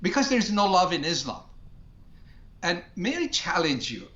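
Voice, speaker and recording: A man's voice: sits high, very animated, moderate pace, sharp tone, roomy sound, lo-fi sound. A man from Iran, a ministry founder, tells his personal testimony in a talk show interview in an earnest way and acts out his prayers.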